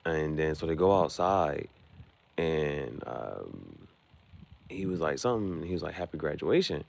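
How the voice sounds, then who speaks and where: A man's voice: extremely low pitch, sing-song, unhurried, vocal fry. A man, casually recapping a movie in a rambling way, full of fillers. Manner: rambling, full of fillers like "you know what I'm saying". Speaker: vlogger.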